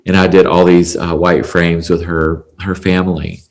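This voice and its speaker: Male podcast guest, salon owner; very low voice, earnest and chatty. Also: level tone, normal speed. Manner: earnest, emotional, chatty with fillers. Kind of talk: conversational storytelling.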